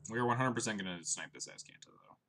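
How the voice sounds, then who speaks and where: A young man commentating his own card game on a live stream, chatty and wry, thinking out loud. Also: fairly low pitch, big pitch swings, fast talker, vocal fry, a little hiss or hum.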